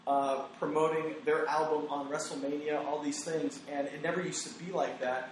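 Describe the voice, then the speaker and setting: A man hosting a casual podcast chat, giving animated, opinionated takes with quoted asides. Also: on the high side, normal speed, hardly any pauses, a little hiss or hum. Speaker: podcast host. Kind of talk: casual conversational podcast talk. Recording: very echoey room.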